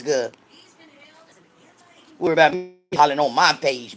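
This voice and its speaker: Loud trash-talking woman in her sixties. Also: normal speed, long pauses. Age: 60s. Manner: loud, cursing, trash-talking, swings between hollering and low muttering. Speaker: livestream host. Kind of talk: livestream chat answering viewers.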